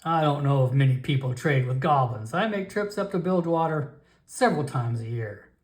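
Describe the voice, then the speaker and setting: A man's voice: mid-range voice, expressive, moderate pace, natural voice. Man voicing a pushy merchant alchemist. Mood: coaxing. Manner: wheedling sales patter, calls everyone my friend. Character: pushy male merchant alchemist, chatty salesman.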